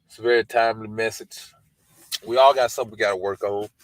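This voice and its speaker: A man's voice: on the low side, steady tone, fast, no room sound, rough recording. A man hosting a podcast, reading scripture aloud and breaking off into loose, colloquial commentary, often adding "man" and "you know" as he talks. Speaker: podcast host.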